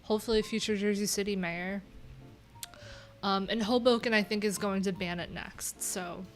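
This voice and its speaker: A woman's voice: mid-range voice, steady tone, normal speed, faint music behind. A woman from New York with a nasal voice, chatting candidly and rambling on a casual livestream from a room at home.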